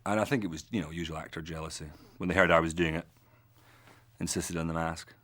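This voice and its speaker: A man's voice: sits low, steady tone, fast, pushed and bright. A man, an actor, telling self-mocking, joking anecdotes in an interview.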